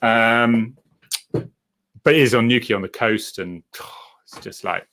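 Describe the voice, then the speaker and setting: A man's voice: takes it slowly, a bit bright. A middle-aged man, hosting a casual live chat, rambling and reading out viewer comments and acting out what people said. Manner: acts out quoted people with jumps in pitch.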